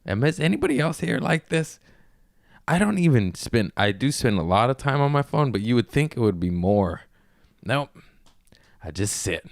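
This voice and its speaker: A man's voice: medium pitch, very animated, a little fast, creaky, dry recording, studio quality. A young man hosting a podcast, chatting in a rambling, self-mocking, giggly way. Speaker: comedian podcast host. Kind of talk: casual comedic chat.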